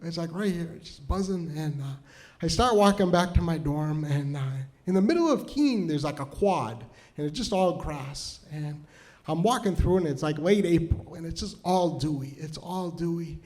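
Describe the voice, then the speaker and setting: Storytelling comic, male, higher-pitched voice; rambling, full of restarts, drops to a hush and rises to shouts. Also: expressive, moderate pace. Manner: rambling, lots of stammered restarts and "like"; swings from hushed and tender to loud and shouting. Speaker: storytelling comedian. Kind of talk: stand-up storytelling. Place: stage before a live audience.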